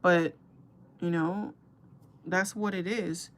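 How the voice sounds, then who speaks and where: A woman's voice: fairly low pitch, fairly even intonation, slow pace, a little hiss or hum. A young woman chatting casually to her viewers while doing her makeup, gossipy and talkative, calling them girl and guys. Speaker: beauty vlogger.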